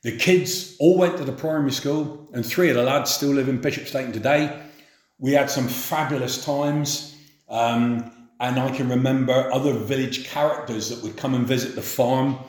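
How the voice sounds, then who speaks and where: A middle-aged man from England telling memories of his youth in an unhurried, plain-spoken way. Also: medium pitch, steady tone. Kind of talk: spoken memoir. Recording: roomy echo.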